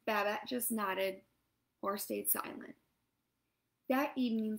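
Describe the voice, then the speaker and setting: A woman reading a storybook aloud to children, lively and expressive. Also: fairly high pitch, creaky, poor audio.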